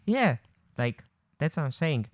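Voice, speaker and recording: A man's voice: fairly high pitch, very animated, unhurried, no echo, clean studio sound. A man with an English accent co-hosting a podcast, joking around and swearing freely. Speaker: podcast co-host. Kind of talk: casual chat.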